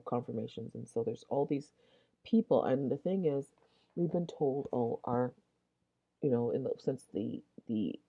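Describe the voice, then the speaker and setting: A woman hosting a Christian video, telling a personal testimony in a rambling way, full of restarts and asides, while yawning and clearing her throat. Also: rumbling low, dark tone. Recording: dull lo-fi sound.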